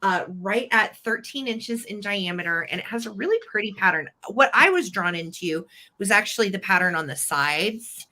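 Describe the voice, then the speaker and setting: Bright, chatty woman selling vintage live. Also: medium pitch, lively intonation, normal speed. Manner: chatty and upbeat, describing items. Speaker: live sale host. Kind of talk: live online sales chat.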